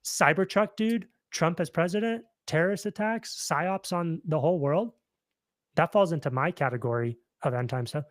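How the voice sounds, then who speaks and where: A man's voice: a little high, moderate pace, no echo, studio quality. A man hosting a podcast in casual chat, loose and slangy, saying "like" and "bro" a lot. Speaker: podcast host.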